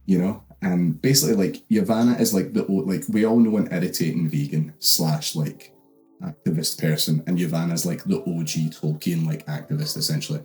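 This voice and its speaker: A man's voice: deep voice, steady tone, fairly quick, a little mellow, soft background music. A young Scottish man hosting a comedic book recap, rambling with lots of fillers and swearing. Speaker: host.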